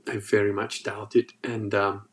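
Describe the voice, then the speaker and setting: A man's voice: on the low side, level tone, a little slow, slight background noise. Rambling, swearing man telling stories. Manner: rambling, profane, lots of fillers. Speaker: podcast host. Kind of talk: casual monologue.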